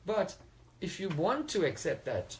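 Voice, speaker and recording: A man voicing a calm young sage who answers a king with patient reasoning. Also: sits high, a little slow, slight background noise, exaggerated voice, low-quality recording.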